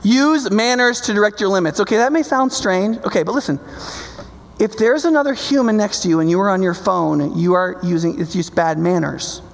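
Preacher guy, high gravelly voice, keeps asking okay?, gets fired up, big echoey church hall. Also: normal speed. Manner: emphatic, conversational, checks in with "okay?"; builds to passionate, loud climaxes. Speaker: pastor. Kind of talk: sermon. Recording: long reverb of a large hall.

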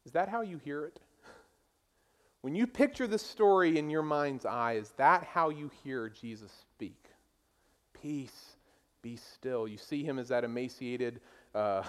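A pastor preaching a sermon, emphatic and conversational, asking his listeners rhetorical questions. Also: mid-range voice.

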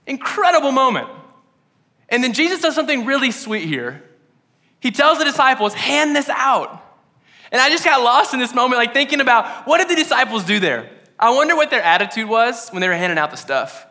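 A man's voice: very high voice, very animated, fairly quick, sharp tone. A man preaching in a casual, playful, conversational way on a podcast sermon. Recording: long hall reverb.

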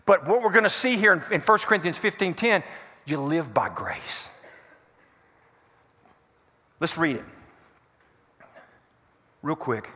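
A man's voice: fairly high pitch, lively intonation, normal speed, long pauses, bright, forceful tone, husky. A man preaching a sermon to a congregation, quizzing them with call-and-response questions. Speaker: pastor. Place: church hall before a congregation. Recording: echoey hall reverb.

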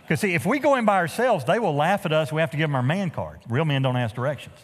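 Talking fast in a voice on the high side, a pastor preaches in a church sanctuary with a big-room sound. His sermon is full of animated storytelling and humorous asides.

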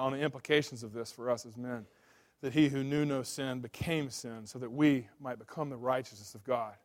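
A man in his thirties preaching a sermon as pastor, swinging between loud, urgent emphasis and quiet, confiding asides. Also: medium pitch.

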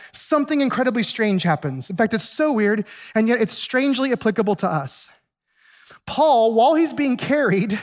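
A male pastor giving a sermon, retelling a Bible story in a conversational, animated way with acted asides. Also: extremely high pitch.

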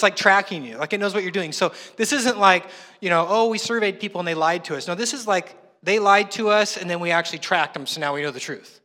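A male pastor preaches in a chatty, self-mocking storytelling way. His voice sits high and sounds bright and forceful. The sound trails off in long reverb from a large hall. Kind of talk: sermon.

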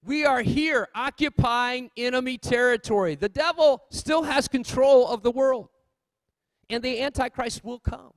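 High-voiced man preaching a sermon. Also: measured pace, no room sound. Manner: swings between loud exhortation and quiet asides. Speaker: pastor.

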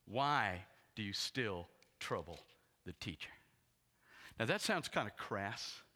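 A man preaching a sermon as a pastor, retelling the story dramatically and swinging from hushed tones to loud ones. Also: on the low side, very animated, slow pace, breathy edge. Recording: long hall reverb.

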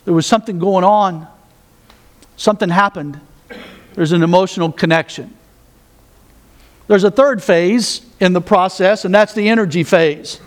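Male pastor, high voice, sermon delivered as easy conversation with self-mocking asides. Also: moderate pace, pauses often.

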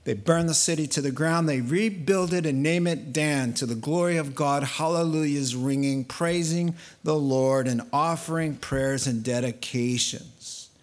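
Guy preaching slow, kinda high voice, animated storyteller. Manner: lively storytelling, acting out quoted voices. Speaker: pastor. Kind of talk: sermon.

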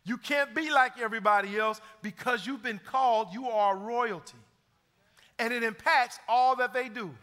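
Pastor guy preaching in a church, really high bright voice, long echo off the hall. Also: normal speed. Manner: preaching with rising emphasis and animated retelling. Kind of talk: sermon. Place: church sanctuary.

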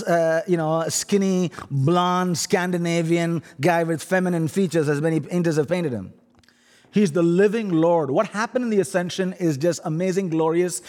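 A middle-aged man from India with an Indian accent, preaching a humorous, animated sermon that teases the audience. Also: fairly high pitch, long reverb tail. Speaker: guest preacher.

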